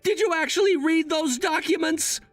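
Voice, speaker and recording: A man's voice: very high voice, moderate pace, fairly bright tone, no echo, faint music behind. A man voicing a coolly scheming adult son in a text-message story drama, firm and matter-of-fact.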